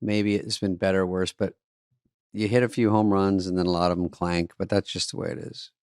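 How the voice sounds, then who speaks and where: A man's voice: deep voice, flat delivery, fairly quick, a little mellow, clean tone, no echo. A man co-hosting a podcast, chatting casually and telling dry, self-mocking stories. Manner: dry, self-mocking storytelling with acted-out quotes. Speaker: podcast co-host. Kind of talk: casual chat.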